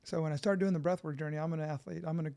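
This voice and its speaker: A middle-aged man from California, a podcast guest, telling his story in an animated, profane way and acting out quotes. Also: fairly high pitch, racing, vocal fry.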